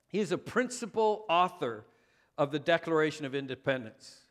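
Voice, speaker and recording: A man's voice: on the high side, lively intonation, moderate pace. A man preaching a sermon as pastor, conversational and self-deprecating, with frequent fillers.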